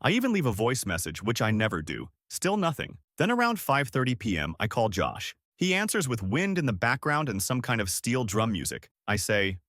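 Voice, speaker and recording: A man's voice: medium pitch, big pitch swings, moderate pace, hardly any pauses, fairly bright tone, dry recording, studio quality. A man in his thirties narrating a first-person story from a script, in a wry, sarcastic way.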